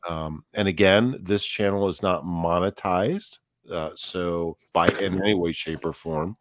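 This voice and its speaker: Low-voiced swearing live-stream host. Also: male voice, steady tone, measured pace, no room sound. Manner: profane, rambling, jokey. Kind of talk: casual live-stream chat.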